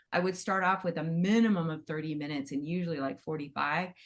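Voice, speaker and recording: A middle-aged woman teaches animal Reiki in a soft, friendly, conversational way. Her voice sits a little low, and she drifts into side stories and asides as she explains. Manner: gentle, conversational, rambling with asides. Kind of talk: casual teaching talk.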